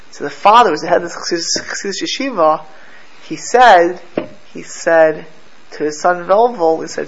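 Animated male storyteller, slightly high voice. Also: normal speed, creaky. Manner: animated storyteller with frequent restarts and repeated words. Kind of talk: storytelling Torah lesson. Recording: slightly dull with faint background noise.

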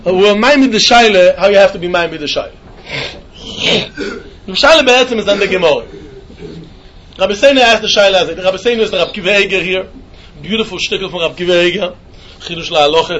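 A man teaching a Talmud lesson in a yeshiva style, with an animated singsong delivery. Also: high voice, muffled recording. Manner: animated singsong, mixing Yiddish and Hebrew terms.

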